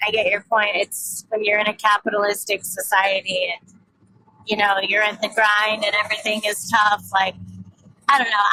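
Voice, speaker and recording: A woman's voice: mid-range voice, bright, forceful tone, a little hiss or hum, low-quality recording. A woman in her thirties talking candidly and rambling in a casual personal vlog, swearing freely and poking fun at herself. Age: 30s. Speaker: vlogger.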